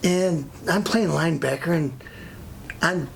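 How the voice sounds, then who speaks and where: A man's voice: on the high side, unhurried, gravelly, slight background noise. An American man hosting his own show, telling a long blunt story and going off on tangents. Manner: rambling, blunt, goes off on tangents. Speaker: show host. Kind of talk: opinionated monologue.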